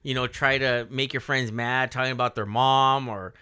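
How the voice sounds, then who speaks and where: A man's voice: medium pitch, steady tone, normal speed, bright, forceful tone, smooth, no echo, clean studio sound. A man in his forties co-hosting a podcast, chatting casually and rambling with lots of fillers. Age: 40s. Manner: rambling, laughing, full of fillers. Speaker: podcast co-host. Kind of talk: casual chat.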